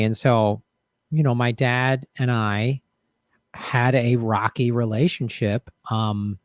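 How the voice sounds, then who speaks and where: A show host talks casually to his viewers' live chat, reflective and rambling, full of fillers and restarts. His voice is medium-pitched and a little mellow. The recording is studio quality with no echo.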